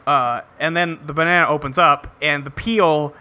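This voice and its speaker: A man's voice: on the high side, fairly even intonation, moderate pace, sharp tone. A man co-hosting a podcast, recapping a cartoon episode in a rambling, laughing casual chat. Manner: rambling, laughing, trails off mid-sentence.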